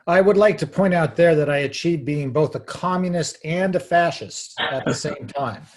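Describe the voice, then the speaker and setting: A man's voice: on the high side, normal speed, a little mellow. Wry man presenting on a video call. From Arizona. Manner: wry, dry humor, casual asides. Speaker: lawyer giving a talk.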